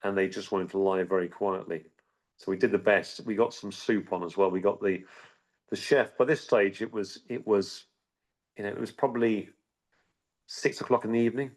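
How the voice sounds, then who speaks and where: Low-voiced man telling a halting story. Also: steady tone. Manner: halting, with frequent restarts and repeated words. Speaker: interview guest. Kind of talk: recounting a personal story.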